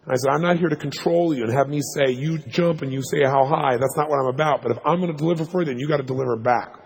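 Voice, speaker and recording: A man tells a story to a seminar crowd at a rapid clip. His voice is raspy and husky, with a gravelly edge, and he talks with animated emphasis. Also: fairly high pitch, rough recording. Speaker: motivational speaker.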